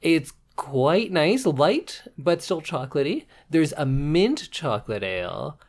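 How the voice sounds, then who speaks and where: A man co-hosting a podcast, chatting casually in a relaxed, wry and jokey way. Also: on the high side, slow pace. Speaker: podcast co-host. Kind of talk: casual chat.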